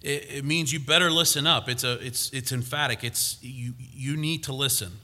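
A man's voice: mid-range voice, fairly even intonation, moderate pace, pushed and bright. A man preaching a sermon on scripture, emphatic and given to restarts and fillers as he teaches.

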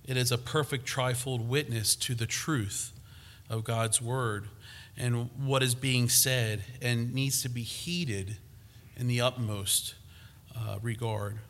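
A man's voice: medium pitch, steady tone, takes it slowly, fairly bright tone. A man preaching a sermon on scripture, emphatic and given to restarts and fillers as he teaches.

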